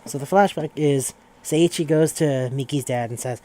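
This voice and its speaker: Mellow-voiced man rambling through a recap. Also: on the high side, normal speed. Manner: rambling and profane, with frequent restarts. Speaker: podcast host. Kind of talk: casual recap of a horror manga.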